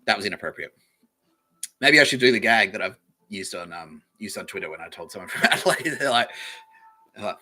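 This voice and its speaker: A man's voice: mid-range voice, sing-song, normal speed, long pauses, pushed and bright, husky. A young Australian man hosting a podcast, rambling through a profane, sarcastic comedy monologue and often laughing at himself. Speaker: podcast host.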